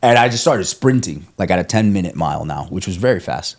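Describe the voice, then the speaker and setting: A man's voice: sits low, expressive, quick pace. A man, a guest on a podcast, telling a long story in casual chat, swearing freely and laughing as he goes. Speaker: guest, ultramarathon runner.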